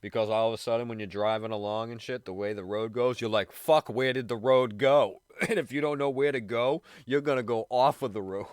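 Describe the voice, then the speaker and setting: A man rambling casually on a live radio show, swearing constantly, laughing often and sounding high. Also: a little fast, clear, resonant tone, dry recording, clean studio sound.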